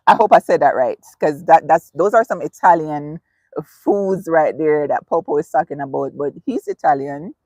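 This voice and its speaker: Female livestream host, low voice, chatty and giggly, dry close mic. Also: lively intonation, normal speed, no echo. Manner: chatty, laughs often, thanks viewers warmly. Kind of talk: casual live-stream chat reading comments.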